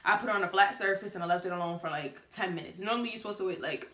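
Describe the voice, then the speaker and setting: A woman's voice: mid-range voice, rapid-fire, sharp tone, echoey room. A late-teen woman telling a personal story to the camera, chatty and casual with many fillers. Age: late teens. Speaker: vlogger.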